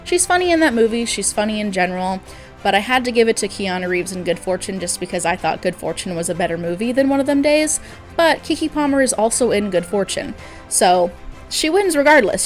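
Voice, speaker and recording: Brief: woman host, casual chatty film commentary, mid-pitched, easy fillers. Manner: chatty, frequent fillers, laughs easily.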